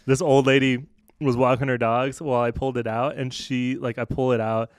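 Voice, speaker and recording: Excitable, cursing man podcast co-host. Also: mid-range voice, a little fast, clean tone, no echo, studio quality. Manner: excitable, profane storytelling. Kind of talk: casual chat.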